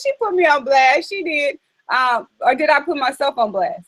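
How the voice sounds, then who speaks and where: A woman hosting a casual chat, talking in a chatty, animated way with frequent fillers. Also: sits high, moderate pace, rough recording. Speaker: host.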